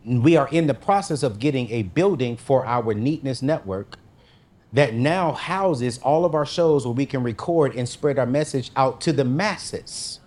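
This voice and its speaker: A man's voice: mid-range voice, lively intonation, unhurried, a little mellow. A man speaking as a guest, telling a personal faith story in a casual, slangy way and acting out his own quoted lines with big jumps in his voice. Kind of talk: animated storytelling testimony.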